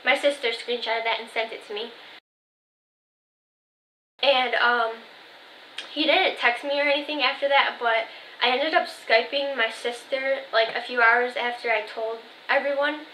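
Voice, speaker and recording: A woman's voice: a little high, steady tone, a little slow, pauses often, sharp tone, a little hiss or hum. A twenty-year-old woman vlogging in casual chat, telling a story with lots of "like" and "um" and quoting her family's texts. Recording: echoey room.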